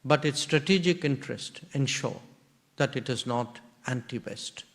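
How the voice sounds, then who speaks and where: Speaking at medium pitch, a man with an Indian accent gives a formal memorial lecture. His phrasing is measured and deliberate, broken into short clauses.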